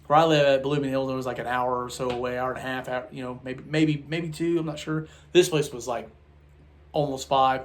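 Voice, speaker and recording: Rambling, tired man reviewing toys. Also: medium pitch. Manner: rambling, halting with restarts. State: tired late at night. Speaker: toy collector vlogger. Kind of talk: casual toy review vlog.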